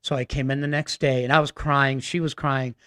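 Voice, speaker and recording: A man's voice: medium pitch, level tone, pushed and bright, smooth, dry recording, clean studio sound. Earnest man from Massachusetts telling a story. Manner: earnest, halting, many fillers. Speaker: radio guest. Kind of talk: personal storytelling. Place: radio studio.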